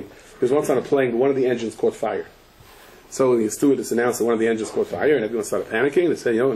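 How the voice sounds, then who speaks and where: A man, a rabbi, giving a Torah lecture full of stories and Hebrew and Yiddish terms. He tells them with animation and breaks into shouts at the punchlines. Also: medium pitch, low-quality recording. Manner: sprinkles Yiddish and Hebrew terms, frequent restarts.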